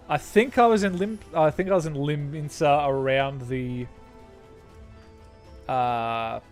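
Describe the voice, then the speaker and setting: A young Australian guy streams a game and chats loosely with his viewers, wandering off topic and correcting himself along the way. His voice sits at a medium pitch with a slightly mellow quality.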